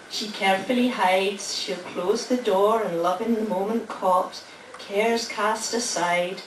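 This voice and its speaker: A woman hosts a library event and reads a poem aloud. She talks quickly and warmly, then slows into a measured recitation. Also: mid-range voice, far from the mic, a little hiss or hum. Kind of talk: live public poetry reading and thanks. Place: library hall at a lunchtime public event. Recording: echoey hall, voice from afar.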